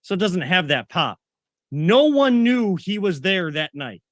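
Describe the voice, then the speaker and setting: A man's voice: high-pitched, sing-song, unhurried, a bit bright, no room sound, studio quality. A man co-hosting a sports talk show, ranting and getting worked up as he makes his point. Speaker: co-host.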